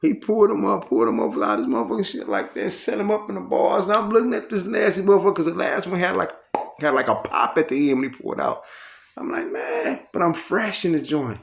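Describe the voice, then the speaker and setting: A man with a gravelly, slightly high voice tells a story casually, cursing freely and rambling from one detail to the next. His telling is loose and animated, with quick asides and repeated words. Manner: profane, rambling, animated retelling.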